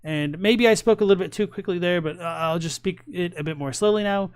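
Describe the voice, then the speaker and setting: A man's voice: high voice, brisk, hardly any pauses, clear, resonant tone, dry recording. A young man casually commenting on a live stream, rambling a little and restarting his sentences. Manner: relaxed, rambling, many fillers and restarts. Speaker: streamer reacting to videos.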